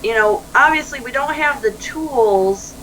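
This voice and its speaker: A woman's voice: on the high side, unhurried, slight background noise, rough recording. A woman speaking as a life coach in an interview, telling stories animatedly and acting out quoted dialogue. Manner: animated storyteller who acts out quoted dialogue and laughs easily. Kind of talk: conversational interview.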